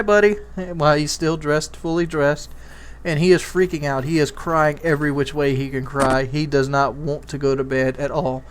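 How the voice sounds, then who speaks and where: A man's voice: a little high, smooth. A man doing a casual, rambling commentary, telling a candid parenting story with many restarts. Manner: rambling, repeats words and restarts. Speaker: YouTube commentator.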